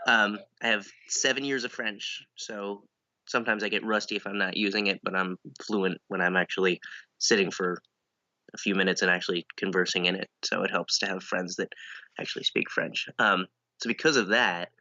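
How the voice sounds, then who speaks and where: A man's voice: sits low, steady tone, moderate pace, sharp tone, no echo, muffled recording. A man chatting casually as a comedian guest, dry and self-deprecating, rambling through his answers.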